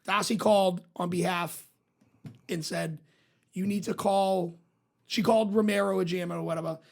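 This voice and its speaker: A man's voice: high voice, moderate pace, gravelly. A man co-hosting a podcast, telling a profane story in casual chat and acting out the voices of the people in it. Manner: profane, animated storyteller who acts out voices. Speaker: podcast co-host.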